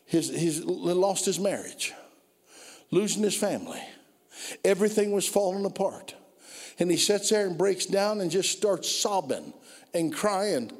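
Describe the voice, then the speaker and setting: Male pastor, sermon, slightly high voice, storytelling, swells to loud climaxes, long hall reverb. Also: animated, measured pace. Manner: storytelling preacher, building from low murmurs to loud climaxes.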